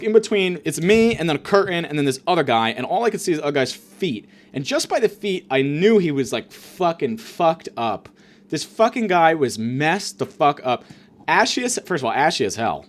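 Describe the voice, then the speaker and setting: New guy ranting a crude story, bouncy pitch, keeps doing mocking voices. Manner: profane, exasperated, mocking voices of others. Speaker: comedian telling a story. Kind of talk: stand-up storytelling.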